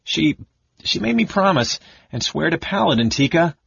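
A man voicing an excitable, chatty young male kender who talks in high, eager, indignant bursts. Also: moderate pace, creaky, husky, exaggerated voice. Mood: earnest bossy. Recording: muffled lo-fi recording.

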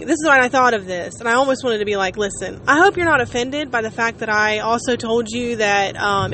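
This chatty vlogger, a woman in her late thirties, rambles and teases herself while talking casually to viewers. Her voice is on the high side with a fairly bright tone, and there's slight background noise.

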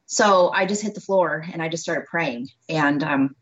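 A woman doctor tells her story as an interview guest, animated and quick to laugh, acting out each exchange. Her voice sits a little low. The recording is dull and lo-fi. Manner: animated storyteller who acts out dialogue and laughs often. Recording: dull lo-fi audio.

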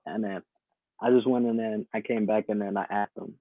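A man's voice: fairly low pitch, little pitch movement, normal speed, no room sound. A man calling in to a live stream, telling his story casually with many hesitations. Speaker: caller. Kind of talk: casual call-in chat. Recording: tinny phone-like call audio.

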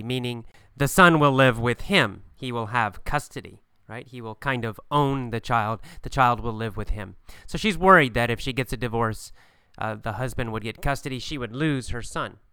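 Clear-voiced man teaching vocabulary. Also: mid-range voice, pushed and bright, no echo. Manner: slow, clear, repeats key words with simple examples. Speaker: English teacher. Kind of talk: vocabulary lesson for learners.

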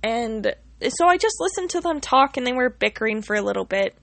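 A woman's voice: on the high side, lively intonation, brisk, gravelly, fairly bright tone, dry recording. A young woman casually telling a personal story in a rambling way, full of restarts and fillers.

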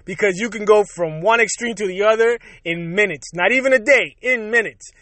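A man's voice: sits high, fairly quick, pushed and bright, no room sound. A man from Puerto Rico hosting his own show, ranting casually and profanely and laughing between lines. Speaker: podcast host. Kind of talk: casual solo rant.

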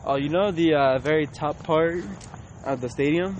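A man's voice: on the high side, normal speed, darkish tone, rough recording. A young man chatting casually with a friend outdoors, rambling and swearing now and then. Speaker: friend of the host. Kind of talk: casual chat. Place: outdoors on a city street at night. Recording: outdoor street noise.

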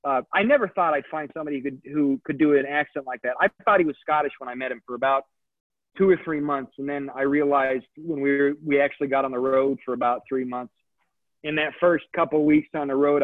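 A man's voice: on the high side, no echo. Man, 30s, comedian, digressive storyteller, dry sound, phone-quality audio. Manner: chatty, digressive, self-correcting. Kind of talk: casual storytelling interview. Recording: tinny phone-like line, dry.

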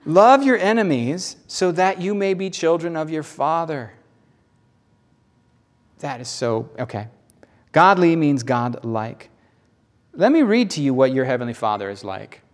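Lively Southern preacher, animated and folksy. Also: male voice, on the high side, measured pace, long pauses. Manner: animated, acts out voices, folksy humor. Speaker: pastor. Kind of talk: sermon.

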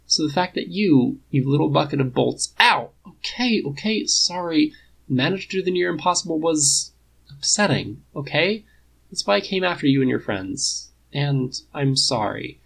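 A man's voice: normal speed, gravelly, husky, full character voice, low-quality recording. Man doing a sheepish goofy archer. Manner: excited pitch jumps, mumbles and trails off. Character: sheepish cocky male archer, apologetic and goofy.

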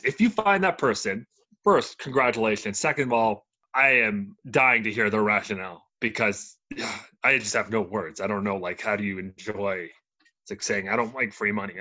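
A man's voice: on the low side, animated, normal speed, bright, forceful tone. A man co-hosting a casual podcast, emphatic and incredulous, laughing often. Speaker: podcast co-host. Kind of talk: casual chat.

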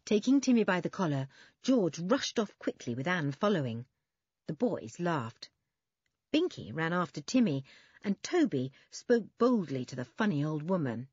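Woman narrator, storybook reading, lively pitch, husky voice. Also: moderate pace, no echo, dull audio. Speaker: audiobook narrator.

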